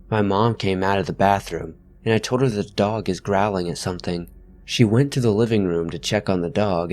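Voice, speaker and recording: A man with a somewhat low voice reads first-person horror stories as scripted narration. He keeps a steady, even reading pace throughout.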